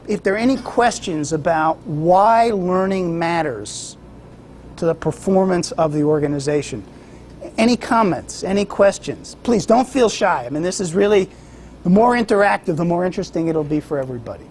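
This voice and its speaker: A man's voice: high-pitched, expressive, moderate pace, a little mellow, slight background noise. A man giving a conversational lecture to a group, who tells stories and invites questions. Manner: varied pace, storytelling, asks for questions.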